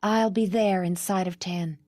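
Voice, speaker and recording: A woman's voice: on the low side, fairly even intonation, unhurried, a little mellow, no room sound, studio quality, natural voice. A woman voicing a fiery, impulsive young woman who is worn out from travel, talking in an urgent, demanding way. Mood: alarmed.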